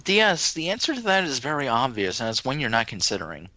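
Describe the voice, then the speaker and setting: A man's voice: medium pitch, wildly swooping pitch, quick pace, pushed and bright. A man teasing his co-host with dry, sarcastic remarks in a casual podcast chat.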